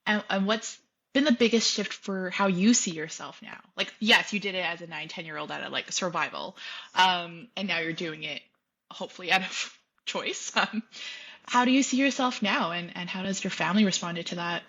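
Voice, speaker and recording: A woman's voice: on the low side, normal speed, bright, forceful tone, lo-fi sound. A woman hosting a casual podcast interview, thinking aloud as she asks long questions. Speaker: podcast host.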